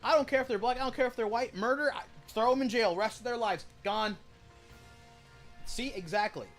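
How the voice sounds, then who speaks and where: A man's voice: very high-pitched, brisk, fairly bright tone, soft background music. A man streaming while gaming, ranting in a heated, swearing way, full of "like" and "it's like" fillers. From United States. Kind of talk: casual rant while gaming.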